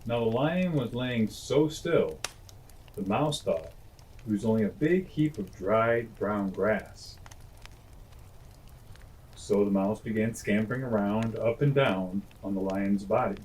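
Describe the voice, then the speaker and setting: A man with a fairly low voice reads classic children's tales aloud as a bedtime storyteller. He sounds gentle and homely, slipping in friendly chatty asides between the lines. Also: expressive, takes it slowly, slight background noise, rough recording.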